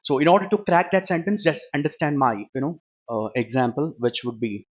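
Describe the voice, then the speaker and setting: A higher-pitched man teaching an online grammar class. He has a husky voice and keeps repeating each question before he answers it. The recording sounds dull and lo-fi. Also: a little fast. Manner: repeats questions and answers them himself, with frequent tag "right, ma?". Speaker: English teacher.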